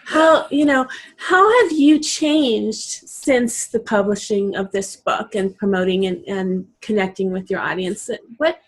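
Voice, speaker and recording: This woman hosts a live online interview show. She listens closely, says short affirmations and asks follow-up questions in an even middle pitch. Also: measured pace, few pauses, husky, poor audio. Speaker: host.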